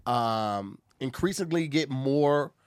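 A man's voice: mid-range voice, lively intonation, slow, clean tone. A man co-hosting a podcast, reading a sponsor ad with emphatic enthusiasm and chatting casually. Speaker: podcast co-host. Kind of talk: casual chat and ad read.

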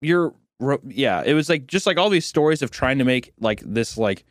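A man's voice: medium pitch, animated, normal speed, dry recording. Podcast co-host, man from Missouri, profane ranting storyteller, dry close sound. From Missouri, United States. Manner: profane, ranting, acts out quoted people. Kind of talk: casual chat.

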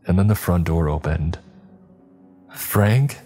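Male horror podcast narrator, very deep, husky, measured and dramatic, faint music under. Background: soft background music.

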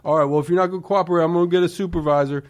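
A man's voice: high voice, fairly even intonation, racing. Profane man telling comic stories. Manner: profane, acts out people in quotes, loud bursts of mock yelling. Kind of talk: comedic storytelling on a podcast.

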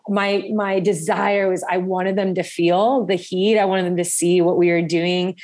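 A woman's voice: lowish voice, level tone, measured pace, a little mellow. A woman in her forties, a guest in a casual podcast interview, talking in a heartfelt, emotional way with frequent laughs and restarted phrases.

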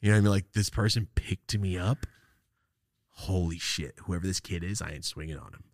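A man's voice: deep voice, fairly quick, no room sound, clean studio sound. A man hosting a podcast, telling a rambling, profane story in casual chat. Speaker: podcast host.

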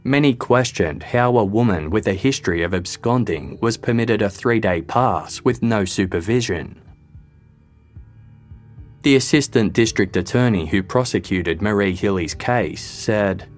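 Low-voiced man narrating true crime. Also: measured pace, faint music behind.

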